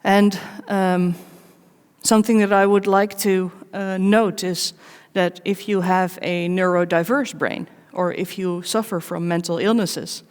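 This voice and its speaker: A woman giving a live conference talk, candid and personal, with wry self-mocking asides and measured pauses between short phrases. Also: on the low side, fairly even intonation, a little mellow, clean tone. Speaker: conference speaker. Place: large conference hall. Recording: long reverb of a big hall.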